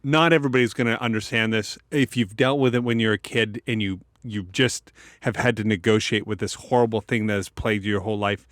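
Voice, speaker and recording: A man's voice: lowish voice, a little fast, hardly any pauses, dry recording, studio quality. A Canadian man co-hosting a podcast, telling personal stories with a stutter and repeated sounds from Tourette's, acting out the people in them. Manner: animated, acts out voices in stories. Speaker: podcast co-host. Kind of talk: personal storytelling in casual chat.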